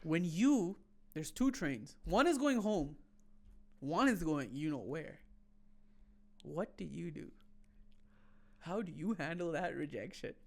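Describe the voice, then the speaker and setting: A woman's voice: on the low side, expressive, slow, pauses often. A woman comedian hosting a casual podcast, spinning playful hypothetical bits. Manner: playful storyteller, building bits.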